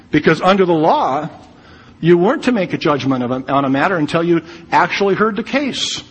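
A man's voice: fairly high pitch, animated, fairly quick, husky. A man preaching a verse-by-verse sermon, teaching in a conversational way with asides and fillers. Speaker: pastor. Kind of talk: expository sermon. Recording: long reverb, faint ambience.

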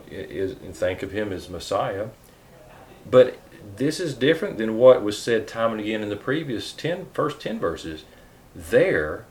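A man preaching a sermon, reading scripture aloud with earnest emphasis and some hesitant restarts. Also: lowish voice.

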